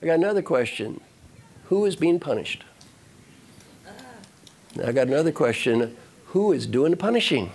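A man's voice: on the high side, very animated, normal speed, long pauses, a little mellow, slight background noise. A man giving a motivational talk to an audience, repeating key phrases and speaking to them directly. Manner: repetitive, coaxing, addresses audience directly.

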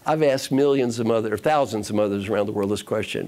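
A man's voice: fairly low pitch, fast talker, a little mellow. Male motivational speaker, coaxing, repeats lines, addresses crowd. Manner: repetitive, coaxing, addresses audience directly. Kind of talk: motivational talk to an audience.

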